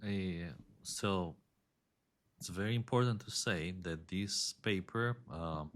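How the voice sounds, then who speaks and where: Podcast co-host, male, low voice, deliberate analytical delivery with fillers. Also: fairly bright tone. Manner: measured, opinionated analysis with frequent fillers. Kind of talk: casual chat.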